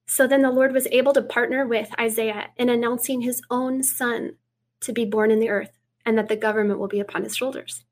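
A woman guest speaking earnestly in an interview, reading scripture aloud and dropping to a hush for quoted words. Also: a little high, fairly even intonation, a little fast. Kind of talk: preaching in an interview.

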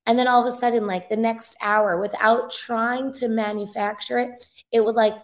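A woman's voice: on the high side, fairly even intonation, normal speed. A young woman, a revivalist minister, giving an earnest, emotional testimony as a guest in a casual interview. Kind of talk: conversational testimony in a podcast interview.

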